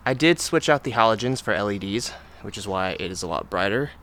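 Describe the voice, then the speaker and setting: A man's voice: lowish voice, lively intonation, brisk, fairly bright tone, a little hiss or hum. Laid-back young man doing car install. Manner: laid-back, swears casually, hyped about car parts. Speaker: car modding vlogger. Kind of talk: casual how-to narration. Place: outdoors working on a car. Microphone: wireless clip-on mic. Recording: background music under voice.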